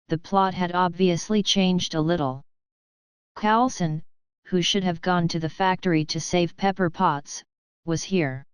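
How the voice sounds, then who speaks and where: Smooth, low-voiced woman audiobook narrator. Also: dry recording. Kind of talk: scripted narration.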